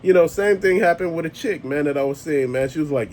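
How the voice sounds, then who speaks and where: A male host launches into a blunt, emphatic rant, swearing freely as he drives each point home. His voice sits a little higher than most men's. A faint background hiss runs under the talk. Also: fast, a little mellow. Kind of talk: ranting monologue.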